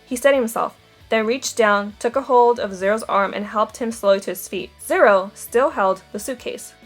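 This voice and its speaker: Lady reading a book chapter out loud, kinda high voice, little voices for the dialogue, faint music under it. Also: normal speed. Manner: steady storytelling with quoted dialogue. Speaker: audiobook reader. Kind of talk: reading a novel aloud with light character voices.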